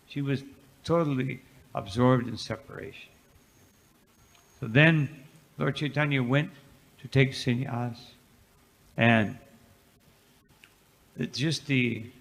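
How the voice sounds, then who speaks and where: Man telling a sacred story in a long-echo hall. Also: mid-range voice. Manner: lively storyteller, frequent "you know" asides. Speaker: monk giving a scripture class. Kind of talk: devotional lecture, storytelling. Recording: reverberant hall.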